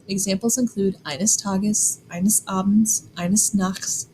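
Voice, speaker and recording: Woman, German teacher, clear and deliberate, mid-pitched voice, faint background noise. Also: steady tone, dark tone, low-quality recording. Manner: clear, deliberate, spells out examples slowly. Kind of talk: scripted classroom explanation.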